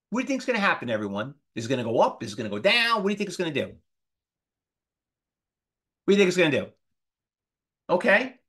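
A man in his fifties teaching a live trading class, animated and firing rhetorical questions at his students. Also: high-pitched. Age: 50s. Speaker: trading instructor.

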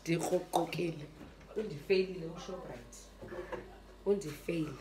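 Speaking straight to her audience, a young South African vlogger chats casually and vents her frustrations in an exasperated tone. She has a low-pitched voice at a normal speed, and music plays in the background.

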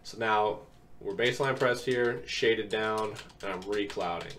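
A man's voice: fairly low pitch, measured pace, a bit bright. A young man recovering from an illness gives casual gameplay commentary, laid-back and full of ums as he explains plays step by step. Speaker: video game tips creator. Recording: distant mic, faint keyboard noise.

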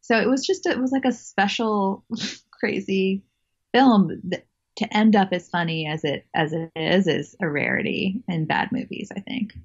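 A woman's voice: mid-range voice, a little slow, breathy edge, lo-fi sound. A woman guest telling a story in a casual interview, chatty, laughing often and restarting her sentences.

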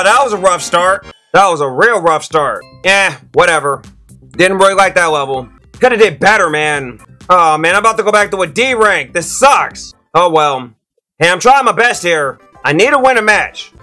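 Slangy gamer guy, high voice that jumps all over, super bright, chatting to his viewers. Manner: excitable, slangy, talks to viewers. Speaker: YouTube gamer. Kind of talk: let's-play commentary.

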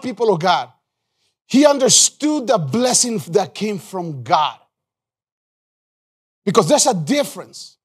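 This male pastor's voice is very high-pitched and husky as he delivers a live church sermon. Emphatic throughout, he repeats phrases, calls out to the congregation and keeps restarting sentences in quick bursts.

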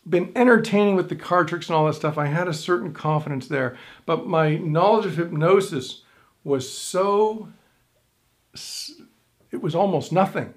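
A middle-aged man, a stage hypnotist and teacher, telling a story in an animated way with quoted thoughts. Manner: animated storytelling with big pitch swings and quoted inner thoughts. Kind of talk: storytelling to camera.

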